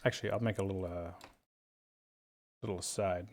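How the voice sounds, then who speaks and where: A man's voice: low voice, steady tone, fairly quick, a little mellow. A man teaching a drawing tutorial in a playful, chummy, jokey way. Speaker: art instructor.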